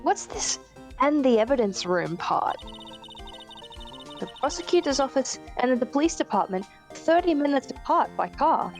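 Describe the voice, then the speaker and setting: A woman's voice: sits high, big pitch swings, normal speed, faint music behind. A woman voicing an eager teenage girl who loves science in a live fan dub of a game, perky and curious.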